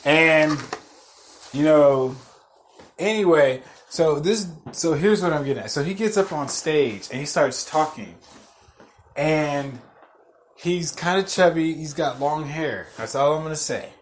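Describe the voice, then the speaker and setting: A man hosting a podcast, telling a story as a profane rant, swearing constantly, repeating himself and getting loud and worked up. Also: a little high, expressive, a little slow, a little hiss or hum. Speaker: podcast host.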